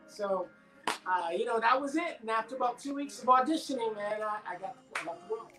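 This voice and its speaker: A middle-aged man, an actor and guest on a live-stream interview, who tells stories in a lively casual way and acts out the dialogue of the people in them, heard over a video call. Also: sits high, brisk, echoey room, music in the background, poor audio.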